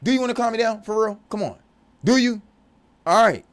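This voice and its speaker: A man's voice: high voice, lively intonation, a little fast. A man delivering a profane, confrontational religious rant as a vlogger. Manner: profane, aggressive, preachy.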